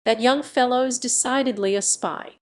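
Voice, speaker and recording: A woman voicing a cool but hot-tempered male musketeer in an audiobook, speaking in a sharp, impatient way. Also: fairly high pitch, normal speed, voice pushed up, natural voice. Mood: tense.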